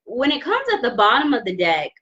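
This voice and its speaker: A woman giving a live tarot reading, talking slowly with many restarts as she holds back tears. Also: a little high, very animated, muffled recording. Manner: warm, emotional, halting with many restarts. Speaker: tarot reader. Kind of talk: live-stream card reading.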